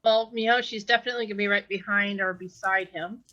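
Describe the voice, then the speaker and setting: A woman's voice: medium pitch, steady tone, a little fast, sharp tone, muffled recording. A woman playing a tabletop game, chatting about her character's plans. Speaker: player. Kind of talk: casual chat.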